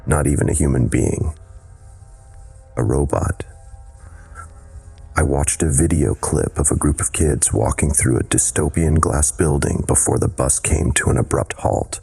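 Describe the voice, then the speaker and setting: A man narrating a scripted horror story in a measured, dramatic way. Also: very deep voice, gravelly, darkish tone, slightly rough.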